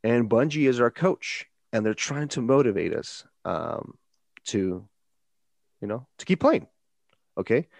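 A man's voice: mid-range voice, unhurried, vocal fry, pauses often, no room sound. A man hosting a casual gaming podcast chat, rambling and restarting his words as he talks. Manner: rambling, repeats and restarts words, animated emphasis. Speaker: podcast host.

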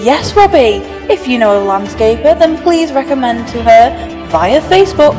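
A woman's voice: sits high, animated, moderate pace, big-room sound, loud music behind the voice, rough recording. A woman, co-hosting a local podcast and reading mock news in a dry, matter-of-fact way. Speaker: podcast co-host.

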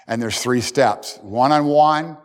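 A man's voice: medium pitch, takes it slowly. A man preaching a sermon as pastor, talking earnestly and acting out what people say. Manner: earnest preaching, acts out quoted speakers. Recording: long hall reverb.

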